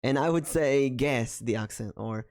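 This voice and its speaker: Podcast host, male, Israeli accent, thoughtful and halting delivery. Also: mid-range voice, darkish tone. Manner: thoughtful, hesitant with many fillers. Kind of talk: casual podcast chat.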